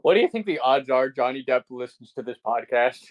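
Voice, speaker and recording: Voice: medium pitch, expressive, fairly quick, lo-fi sound. A podcast co-host ranting in casual chat, swearing constantly and sounding incredulous.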